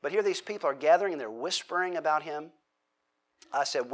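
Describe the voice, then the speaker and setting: Man, sermon teacher, slightly high voice, chatty delivery that questions the crowd. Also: brisk. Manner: conversational, asks the audience questions, acts out quotes. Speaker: pastor.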